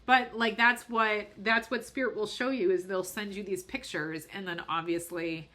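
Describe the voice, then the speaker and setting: Bright-voiced woman medium. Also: mid-range voice, steady tone, moderate pace. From Boston. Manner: earnest, rambling explanations with fillers. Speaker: podcast host and medium. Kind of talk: casual spiritual podcast talk.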